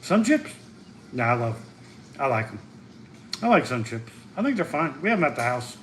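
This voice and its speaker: A man's voice: medium pitch, sing-song, brisk, fairly bright tone, a little hiss or hum, poor audio. Rambling man livestreaming. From US Midwest. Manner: rambling, chatty, answers chat questions aloud. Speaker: concession stand worker livestreaming. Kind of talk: casual livestream chat. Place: concession stand at a soccer venue.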